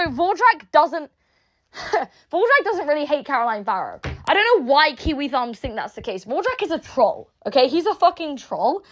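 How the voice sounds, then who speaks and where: High-voiced woman, sweary rambling rant. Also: fairly bright tone. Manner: quotes others in mocking voices. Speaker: online commentator. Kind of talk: casual rant to camera.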